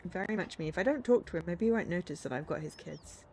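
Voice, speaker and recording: A woman's voice: on the low side, lively intonation, fast talker, warm tone, slight background noise. A young woman streamer chatting casually to herself while she plays a video game. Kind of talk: casual gameplay commentary.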